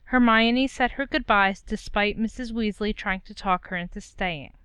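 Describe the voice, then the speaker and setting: Woman narrator reading fan fiction, very smooth, close and dry. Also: mid-range voice, normal speed, a bit bright, no room sound. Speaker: story reader.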